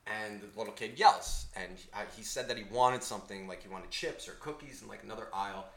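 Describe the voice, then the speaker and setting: A man co-hosting a podcast, telling a story in a casual, profane, animated way. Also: fairly low pitch, a little fast, creaky, echoey room. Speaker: podcast co-host.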